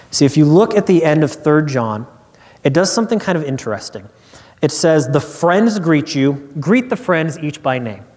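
A man preaching a sermon, earnest and expressive, acting out quotes as he tells a personal story. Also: mid-range voice. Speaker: pastor. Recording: long hall reverb.

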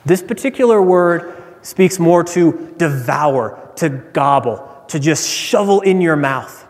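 An earnest male pastor delivers a sermon with emphasis and repeats his main points. His voice sits a little high, and a long reverb from a large hall rings after each phrase. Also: lively intonation, takes it slowly. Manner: earnest, emphatic, often repeats key lines.

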